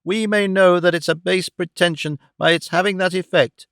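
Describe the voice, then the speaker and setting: A man's voice: on the high side, fairly bright tone, clear, resonant tone, dry recording, clean studio sound. A man reading an audiobook voices a frail old man whose trembling voice turns fierce and indignant. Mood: indignant scolding. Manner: slow, earnest, protesting.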